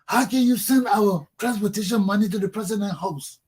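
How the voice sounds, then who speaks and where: A man's voice: high-pitched, brisk, a little mellow, husky. A man with a Liberian English accent hosting a talk show, delivering an angry, profane political monologue. He keeps repeating phrases and ends lines with "man".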